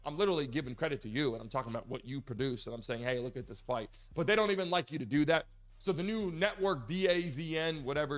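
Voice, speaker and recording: A man hosting a solo sports talk show, animated, swinging between loud emphatic bursts and low muttered asides. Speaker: host.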